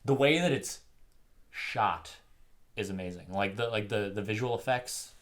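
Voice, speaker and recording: A young man co-hosting a casual film review, retelling the plot in an animated way with lots of fillers and laughter. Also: lowish voice, measured pace.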